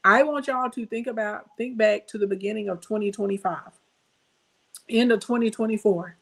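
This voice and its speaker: A woman's voice: mid-range voice, normal speed, creaky. A middle-aged woman from the United States, hosting a casual livestream and coaching viewers in an emphatic, chatty way that speaks straight to them. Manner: emphatic, chatty, calls listeners "baby" and "y'all". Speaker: business coach and livestream host.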